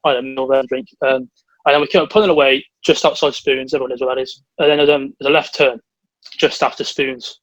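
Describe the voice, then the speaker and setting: A man's voice: mid-range voice, no room sound, dull audio. A young man from England, co-hosting a podcast and telling long, rambling stories in casual chat. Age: young adult. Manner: rambling storyteller, quick and excitable. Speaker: podcast co-host.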